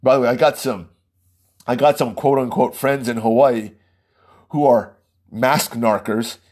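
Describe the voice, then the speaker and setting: Heated podcast guy ranting on his own show, husky voice, rambles and laughs between points. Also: medium pitch, steady tone, a little slow, a little mellow. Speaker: podcast host. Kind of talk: political commentary monologue.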